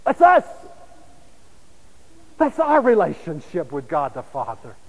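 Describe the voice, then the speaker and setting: A man preaching a sermon and telling stories, his voice swinging from loud, urgent calls to hushed, soft asides. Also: fairly high pitch, huge pitch swings, takes it slowly, long reverb tail, poor audio.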